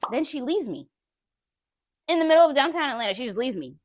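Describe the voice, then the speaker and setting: A woman vlogger telling a personal story in an animated, emphatic way, often laughing. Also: high-pitched, fast, no room sound.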